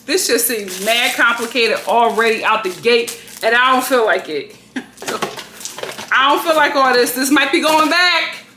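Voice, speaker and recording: Woman grumbling to her vlog viewers, bright voice, echoey room, faint noise behind. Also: a little high, a little slow. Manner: expressive, exclaiming and grumbling to viewers. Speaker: vlogger. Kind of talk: casual vlog chat. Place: at home. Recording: roomy echo, faint ambience.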